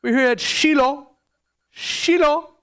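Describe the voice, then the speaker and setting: A man puts on a grand, British-accented tour guide, a lofty man who sounds authoritative. He pitches up high and drags place names out with pompous relish, as if every ruin were a wonder. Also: a bit bright, exaggerated voice. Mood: grandly authoritative. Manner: drawn-out, pompous place-name pronunciation. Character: authoritative London-raised male tour guide.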